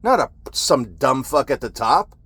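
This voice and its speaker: A man's voice: mid-range voice, sing-song, measured pace, a bit bright, slightly rough, dry recording. A man who is a military veteran, telling a story in an agitated, profane ranting monologue.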